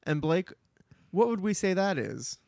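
Relaxed young man narrating plot. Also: high voice, measured pace, no echo, studio quality. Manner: laid-back, narrates plot, laughs often. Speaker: podcast co-host. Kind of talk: casual chat retelling a book.

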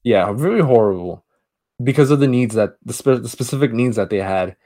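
A man in casual podcast chat walks through a film's story in a loose, rambling way, doubling back on his words and stopping to restart sentences. His voice sits at an ordinary middle pitch and his tone stays relaxed and conversational. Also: fairly quick. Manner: rambling retelling with many restarts. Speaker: podcast co-host. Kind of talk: casual movie review chat.

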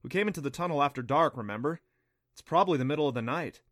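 A man's voice: on the high side, expressive, fast talker, a bit bright, no room sound, clean studio sound. A man voicing a cautious, earnest boy in an audiobook, speaking in a lifted, tense voice. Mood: eager. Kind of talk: audiobook character voice.

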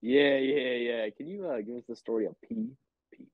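A young man pokes fun at his friends on a podcast, pressing them for a story. His voice is husky and dry. It comes through narrow and phone-like. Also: mid-range voice, normal speed, no room sound. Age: young adult. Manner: teasing, pushy questions. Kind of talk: casual chat.

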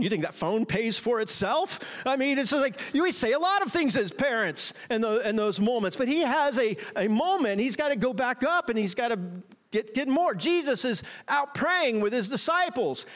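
Lively high-voiced man preaching. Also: moderate pace. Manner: playful, talks straight to the congregation. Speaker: pastor. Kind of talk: sermon.

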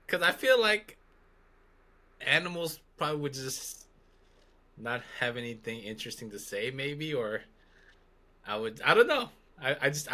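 A man's voice: medium pitch, sharp tone. A man, a guest on a podcast, chatting casually in a rambling, joking way and thinking aloud. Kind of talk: casual conversation.

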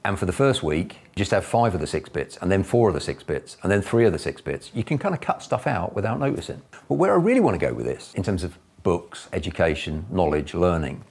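Man, business mentor, deep husky voice, lively, chatty advice. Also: a little fast, few pauses. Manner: chatty, enthusiastic storyteller. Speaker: property investor and business mentor. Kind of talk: casual advice to camera.

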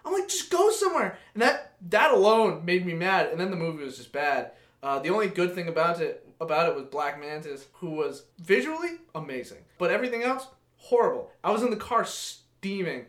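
A man's voice: fairly high pitch, animated, brisk, a bit bright. A man co-hosting a podcast in casual chat, ranting animatedly and swearing often. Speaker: podcast co-host. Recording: echoey room.

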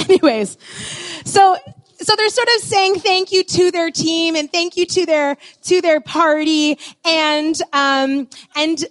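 Animated, high-voiced woman storyteller. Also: slow, no echo. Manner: animated, expressive, playful, with many "like" fillers. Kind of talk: storytelling talk.

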